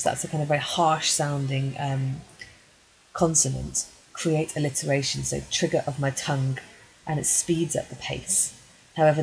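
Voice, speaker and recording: A woman with a low voice talks through a poem as a teacher would, reading it first and then explaining it. She is measured and patient, with many small ums between points. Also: creaky, darkish tone, rough recording. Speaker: English teacher. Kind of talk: poetry analysis lesson.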